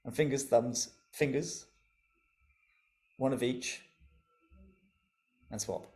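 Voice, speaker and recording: A man's voice: medium pitch, takes it slowly, darkish tone. Playful, encouraging man leading a music class. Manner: encouraging, playful, laughs often, leads call-and-response. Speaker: music educator leading an online workshop. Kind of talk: interactive online music lesson. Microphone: video call.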